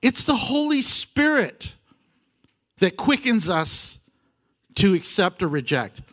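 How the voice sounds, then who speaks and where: A middle-aged man preaching a sermon as pastor, animated, acting out quotes and laughing between points. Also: high-pitched, slow pace.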